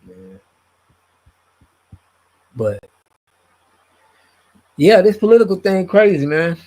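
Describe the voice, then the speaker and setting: A man's voice: mid-range voice, a little mellow, husky. A man hosting a live stream, chatting casually and reading viewer comments in a loose, slangy way, his voice trailing off at the ends of phrases. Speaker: streamer host reading chat.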